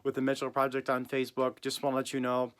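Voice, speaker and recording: A man's voice: mid-range voice, completely flat delivery, fast, fairly bright tone. A young man, a former camp counselor, giving an earnest video message full of you-knows.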